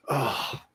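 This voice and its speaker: A man's voice: pushed and bright, dry recording. A man from California hosting a casual chat, rambling along and laughing often. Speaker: podcast host.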